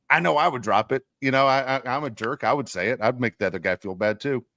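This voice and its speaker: A man's voice: medium pitch, fast, bright, forceful tone, no echo, studio quality. An older man co-hosting a podcast, telling rambling, self-mocking jokes in casual chat. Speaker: podcast co-host.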